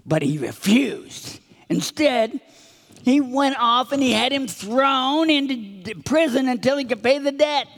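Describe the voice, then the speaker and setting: A man's voice: very high voice, expressive, a little slow, fairly bright tone. A man giving a children's sermon in a church, telling a story with acted-out voices. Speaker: children's minister. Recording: reverberant hall.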